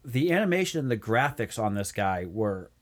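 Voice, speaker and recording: A man's voice: on the low side, big pitch swings, normal speed. A man co-hosting a movie review chat, recapping scenes with lots of ums and laughter. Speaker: movie review podcast co-host. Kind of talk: casual chat.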